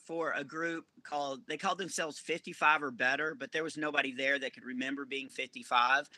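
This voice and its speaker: A male comedian telling rambling, animated stories as a podcast guest. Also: medium pitch, a little fast, no echo. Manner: animated, rambling anecdotes with self-corrections. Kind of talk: storytelling podcast interview.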